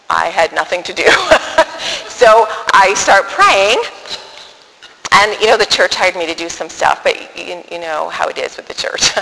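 A middle-aged woman telling a personal faith story in an animated way, acting out the dialogue and laughing often. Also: lowish voice, vocal fry. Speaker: speaker sharing a faith testimony. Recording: echoey hall with long reverb.

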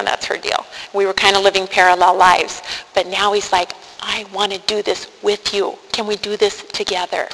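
Speaking at medium pitch with vocal fry and a fairly bright tone, a middle-aged woman gives an earnest faith testimony. She stumbles at times and restarts frequently, heard in an echoing hall with faint background noise.

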